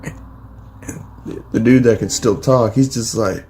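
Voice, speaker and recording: A man's voice: medium pitch, steady tone, takes it slowly, dark tone, slight background noise. A man casually retelling a fan story, rambling with many fillers and crude swearing.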